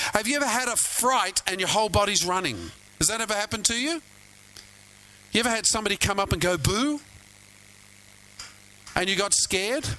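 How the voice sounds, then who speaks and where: A pastor delivers a sermon in a chatty, storytelling way, often turning to ask his listeners questions. His voice sits high for a man and sounds bright and forceful. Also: low-quality recording. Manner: storytelling, conversational, asks the congregation questions.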